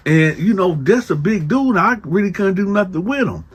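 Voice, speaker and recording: A man voicing a scared, ashamed young male inmate who talks in a hesitant, halting way and repeats himself. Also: high voice, animated, slightly rough, pitched above the performer's own voice. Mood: troubled.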